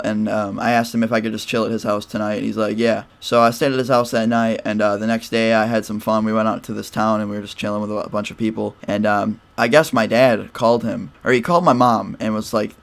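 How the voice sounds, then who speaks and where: A man's voice: on the low side, gravelly. A young man telling a heated personal story over gameplay footage, rambling and swearing a lot. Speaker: gaming channel host.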